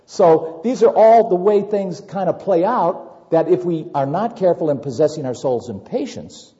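Male pastor, sermon delivery, mellow tone, very lively pitch, dull lo-fi hall recording with long reverb. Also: normal speed. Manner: animated, acts out worried scenarios with repetitions.

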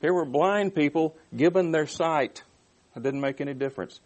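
A man's voice: fairly high pitch, normal speed, a little mellow. A man preaching through a Bible passage, reading verses aloud and explaining them in plain, conversational terms. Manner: reads scripture aloud then explains it, with restarts and asides. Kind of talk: expository Bible teaching.

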